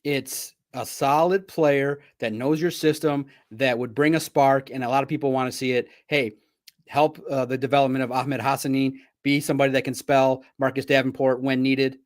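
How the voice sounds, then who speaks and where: A man hosting a live sports talk stream, talking straight to his viewers in a playful, animated way. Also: mid-range voice, normal speed.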